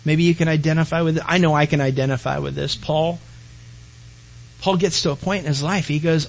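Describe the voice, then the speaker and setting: A man preaching a sermon as pastor, swinging between loud and hushed delivery. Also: on the high side, steady tone, fairly quick, creaky, rough recording.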